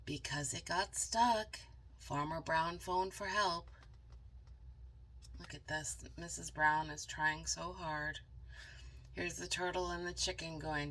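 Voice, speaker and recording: A woman reading a picture book aloud as a channel host, dramatic and animated, stopping for chatty asides to viewers. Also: low-pitched, slow, pauses often, a little hiss or hum. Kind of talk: storybook read-aloud with asides.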